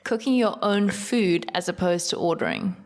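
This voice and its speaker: A woman's voice: lowish voice, normal speed. A young woman from South Africa, co-hosting a casual podcast chat, teasing and laughing often with lots of "like". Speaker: podcast co-host.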